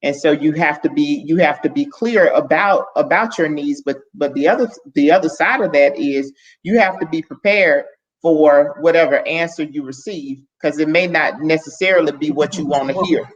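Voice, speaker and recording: A woman's voice: low-pitched, moderate pace. Candid woman, dull lo-fi sound. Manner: candid, earnest, starts over mid-sentence. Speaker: podcast guest. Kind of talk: casual conversation.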